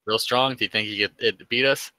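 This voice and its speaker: A brash man plays his character with lots of swearing and threats, in a deep voice with a very bright, sharp edge. The sound is dry and close. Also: steady tone, brisk, no echo, rough recording. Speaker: player. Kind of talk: in-character tabletop play.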